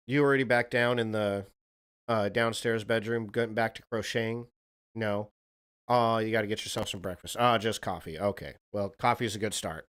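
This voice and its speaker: A man's voice: medium pitch, a bit bright, smooth. A man live-streaming a casual reaction chat, rambling, swearing and talking to a viewer in chat.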